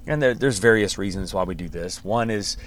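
A man, a pastor, hosting a podcast and teaching in a relaxed, conversational way with frequent restarts and light chuckles. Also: low voice, a little fast, slight background noise.

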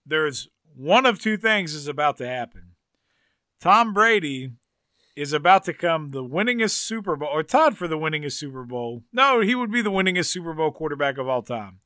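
A man's voice: on the high side, sing-song, moderate pace, pushed and bright, dry recording, clean studio sound. A man co-hosting a casual sports podcast, teasing his friends and pressing his points with emphasis. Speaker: podcast co-host.

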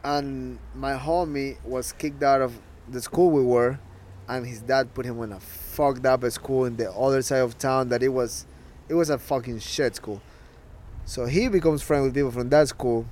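A man's voice: medium pitch, fairly even intonation, normal speed, darkish tone. Ecuadorian-born man telling stories. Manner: rambling anecdotes with frequent swearing. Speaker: podcast co-host. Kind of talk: casual chat.

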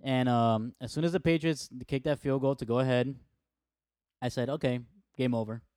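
A man in a casual sports chat, telling his story in a relaxed, conversational way. His voice sits at an ordinary pitch and is recorded dry and close. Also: normal speed, clean tone, no echo. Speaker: podcast co-host.

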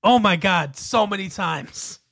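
A man's voice: high voice, animated, unhurried, fairly bright tone. A man co-hosting a casual podcast, chiming in on a movie review with dry, agreeable remarks. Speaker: podcast co-host.

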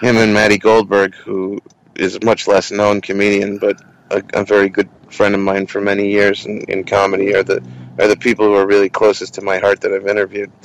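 A man who hosts a comedy interview podcast, telling stories in an animated, casual way with lots of restarts. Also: on the low side, brisk, low-quality recording. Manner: animated, many restarts and quoted voices.

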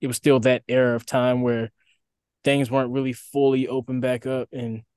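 A man's voice: mid-range voice, normal speed, smooth, dry recording. Young musician guy chatting, mid voice, dry close sound, kinda rambly. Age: young adult. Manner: relaxed, rambling, lots of fillers. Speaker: band member, guest. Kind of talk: casual interview answers.

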